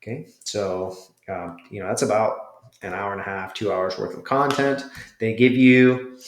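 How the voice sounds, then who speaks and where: A man's voice: fairly low pitch, moderate pace. A man in his thirties casually reviewing a jiu jitsu course as an instructor, talking it through in a loose, conversational way with fillers. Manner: conversational, thinking aloud with fillers. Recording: roomy echo.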